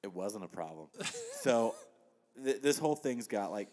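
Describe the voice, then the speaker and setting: Male guest, low voice, animated storyteller in casual chat. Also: measured pace. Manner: animated storytelling with laughs and quoted asides.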